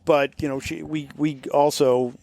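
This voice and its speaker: A man from Florida, an American with a faint Boston accent, speaks a little slowly in a fairly high, gravelly, slightly mellow voice with level tone. He's a musician guest in a casual interview, rambling with many fillers and restarts.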